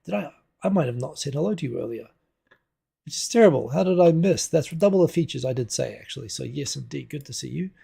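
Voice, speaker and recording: A man's voice: fairly high pitch, expressive, fast, gravelly, dark tone, slightly rough. A man from New Zealand hosting a casual livestream at home on a desk microphone, chatting loosely and answering viewer comments as they come in. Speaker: livestream host. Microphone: desk USB microphone.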